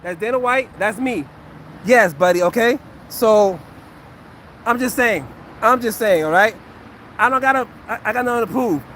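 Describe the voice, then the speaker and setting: A man's voice: sits high, lively intonation, moderate pace, long pauses, a bit bright, a little hiss or hum. A man in his forties, a former fighter, chatting on a livestream and defending himself with sarcastic, repetitive asides to a heckler. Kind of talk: casual livestream chat to viewers.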